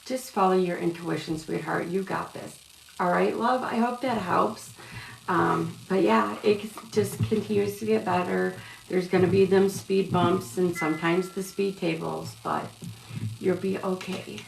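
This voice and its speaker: This woman reads tarot on a casual live stream in an echoey room with a little background noise. She rambles and calls viewers "love" and "sweetheart," her lowish voice unhurried, fairly even in intonation and touched with vocal fry.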